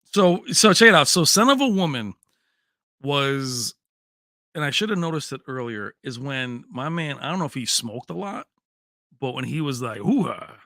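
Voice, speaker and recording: A man chatting on his livestream with a lively, swooping delivery and a gravelly edge. His voice is bright and close, recorded dry. He rambles, laughs a lot and calls out to viewers by name. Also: mid-range voice, normal speed, no echo. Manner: rambling and animated, laughs often, answers chat by name. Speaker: livestream host. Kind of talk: casual livestream chat.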